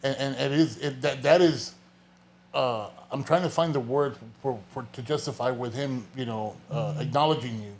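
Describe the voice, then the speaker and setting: A man hosting a casual interview podcast, who talks haltingly, restarts often and searches for his words. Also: mid-range voice, a little mellow, a little hiss or hum. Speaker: podcast host.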